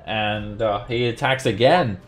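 Soft background music plays as a man, speaking a little slowly in a lowish voice, runs an online tabletop game from home. As dungeon master he narrates the combat, using frequent fillers.

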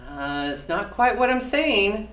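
A woman playing a friend who tutors French, slowly drilling syllables and losing patience. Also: medium pitch, sing-song, fairly bright tone. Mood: coaching. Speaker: actor in a student film. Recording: echoey room from far off.

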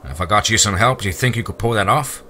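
A man's voice: on the low side, quick pace, sharp tone, slight background noise. Man voicing a firm small-town police chief. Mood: businesslike. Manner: firm, authoritative.

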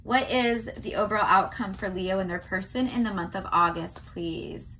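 A young woman from California giving a casual tarot reading to her viewers, chatty and often checking in with a quick "okay?". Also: mid-range voice, sharp tone, a little hiss or hum. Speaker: tarot reader.

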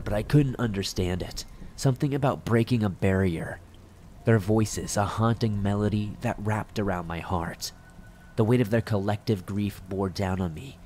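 Low-voiced man narrating horror. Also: a little mellow, a little hiss or hum. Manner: measured, dramatic pacing.

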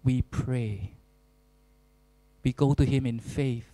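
A man preaching a sermon as pastor, earnest and deliberate, with emphatic repetition. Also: mid-range voice, dark tone, no room sound, poor audio. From Singapore.

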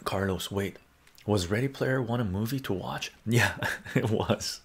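A man's voice: low voice, a little slow, creaky, slightly rough. A man hosting a casual livestream about movies, reading viewers' chat aloud and answering them with lots of fillers. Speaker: livestream host.

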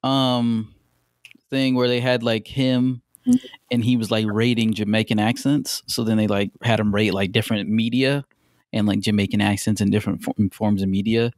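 A man's voice: lowish voice, little pitch movement, normal speed, no room sound, studio quality. A young man co-hosting a podcast in casual chat, rambling and swearing with lots of fillers. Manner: rambling, profane, many fillers. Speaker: podcast co-host.

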